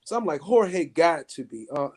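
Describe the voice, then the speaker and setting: Man, high-pitched, profane, excitable, laughing, casual podcast banter. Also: normal speed, heavy background noise. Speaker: podcast co-host.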